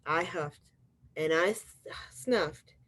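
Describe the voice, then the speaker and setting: A woman's voice: deep voice, slow, a bit bright, heavily acted. Woman reading as a sly, sniffly wolf. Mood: wry. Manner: storybook read-aloud with voiced quotes and wry asides. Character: sneezy male wolf telling his side, sly and self-pitying.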